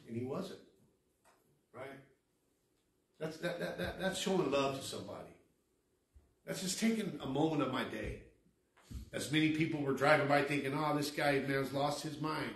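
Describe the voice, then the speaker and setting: A man preaching a sermon as pastor, building to emphatic lines and dropping to a hushed tone. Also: mid-range voice. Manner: preaching with rising emphasis, then softening to a hushed tone. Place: church sanctuary. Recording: echoey hall from far off.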